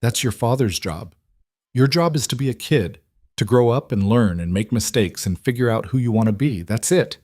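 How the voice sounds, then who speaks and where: A patient young teacher as read by a man comforts a child in a soft, reassuring tone. The voice is raised slightly above the reader's low natural pitch and sounds dry and close. It is a calmly read western audiobook. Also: normal speed, no echo, close to an everyday voice. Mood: tender.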